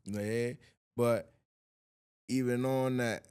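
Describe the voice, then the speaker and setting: A man's voice: mid-range voice, fairly even intonation, drawn-out words, darkish tone, smooth. A man hosting a podcast interview, asking questions in a laid-back, slangy way with short affirmations. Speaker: podcast host. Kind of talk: casual interview.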